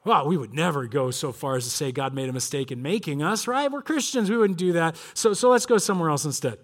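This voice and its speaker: A middle-aged man preaching a sermon with animated delivery, dropping at times to hushed tones. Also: fairly high pitch, fast talker. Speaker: pastor.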